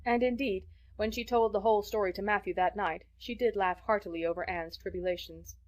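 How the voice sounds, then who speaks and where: A woman narrating a classic novel as an audiobook, measured and expressive. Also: medium pitch. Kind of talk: scripted narration.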